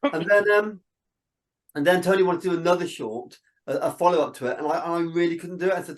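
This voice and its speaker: A man, a filmmaker guest in a casual interview, telling animated stories and acting out what people said. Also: sits high, quick pace. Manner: animated storyteller, quotes people in dialogue.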